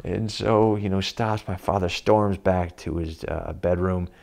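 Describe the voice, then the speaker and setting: A man's voice: low voice, steady tone, a little slow, vocal fry, darkish tone. A man telling a funny personal story, chuckling often as he talks. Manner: amused, chuckling as he tells it. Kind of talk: comic personal anecdote.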